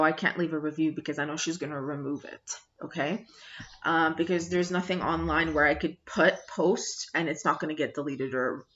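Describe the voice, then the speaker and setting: Woman vlogger, angry profane rant, bright edgy voice, muffled lo-fi audio. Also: fairly low pitch. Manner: blunt, profane, emphatic. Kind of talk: angry review rant to camera. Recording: dull lo-fi sound.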